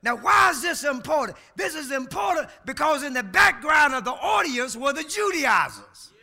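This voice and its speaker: High, gravelly-voiced preacher man. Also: very animated, normal speed. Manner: emphatic preaching, shouting on key words, talking back to the congregation; colloquial, folksy asides. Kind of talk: sermon.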